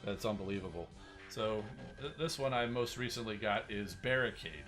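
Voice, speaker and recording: Over music, a man with a lowish voice and lively intonation talks at normal speed while hosting a casual livestream. He's a toy collector showing off his collectible figures for his channel, rambling along with lots of fillers and restarts.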